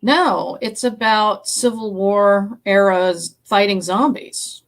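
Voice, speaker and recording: Woman, podcast co-host, chatty and eager, mid-pitched, casual chat. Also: slow. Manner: chatty, enthusiastic storytelling.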